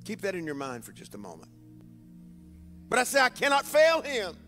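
A man preaching as a bishop, with emphatic call-and-response phrasing and drawn-out lines. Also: high-pitched, huge pitch swings, bright, forceful tone, big-room sound, soft background music. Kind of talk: sermon. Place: church sanctuary with congregation.

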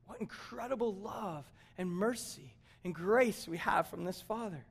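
A man's voice: sits high, unhurried, creaky, breathy edge. A man preaching a sermon, acting out the characters he quotes and joking with the congregation. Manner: animated, acts out quoted characters, jokes with the congregation. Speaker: pastor.

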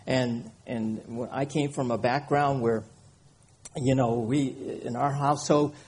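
A man's voice: medium pitch, steady tone, a little slow, a little mellow, slightly rough. A man preaching a conversational sermon, reading scripture and often checking in with his listeners. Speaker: pastor.

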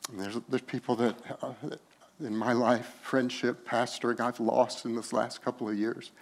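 A man preaching a sermon as pastor, moving from hushed, slow tender passages to loud, laughing, emphatic bursts. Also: mid-range voice, flat delivery.

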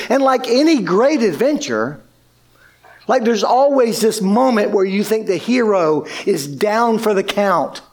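A man preaching a sermon, telling a story with lively delivery and acting out quoted lines. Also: high voice, unhurried. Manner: animated, acts out quoted speech. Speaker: pastor.

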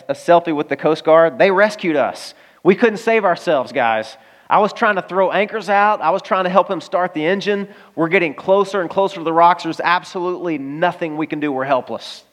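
A man from Arkansas delivers a sermon in a chatty, animated storytelling style. His voice sits a little high. He often turns and speaks straight to his listeners. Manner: animated storytelling, conversational, addresses listeners directly. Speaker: pastor.

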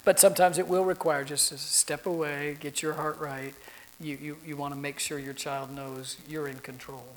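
A man's voice: a little high, flat delivery, normal speed, low-quality recording. A middle-aged man, a pastor, teaching a class for parents in a conversational, anecdotal way, laughing often.

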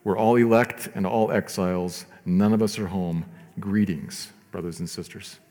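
Lowish-voiced pastor guy preaching, earnest, goes loud then real soft, echoey church hall. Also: steady tone. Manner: earnest preaching, swings from emphatic to soft and slow. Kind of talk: sermon.

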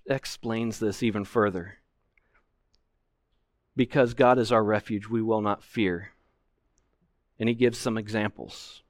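A man delivers an expository sermon from a church pulpit, leaning hard on key words with earnest emphasis. His voice sits at a middle pitch, and the sound is dry and close to the microphone. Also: no echo. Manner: earnest, emphatic preaching with frequent restarts. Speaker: pastor.

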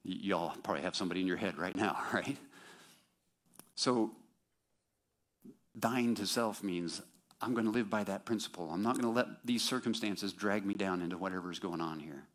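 Man, sermon, conversational, self-deprecating, lowish voice. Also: normal speed, long pauses, a bit bright. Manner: conversational and self-deprecating, with sarcastic mock quotes. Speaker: preacher.

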